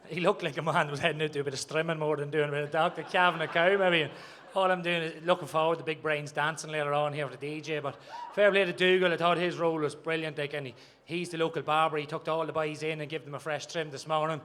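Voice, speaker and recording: Guy judging, dry slagging, bit higher voice, faint noise. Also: steady tone, fast talker, a bit bright. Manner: dry teasing. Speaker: judge.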